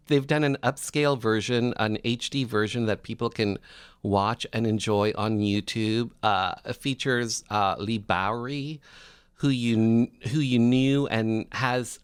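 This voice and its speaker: A man's voice: mid-range voice, measured pace, clear, resonant tone, dry recording, studio quality. A man hosting a radio interview, enthusiastically prompting his guest with questions. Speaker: radio show host.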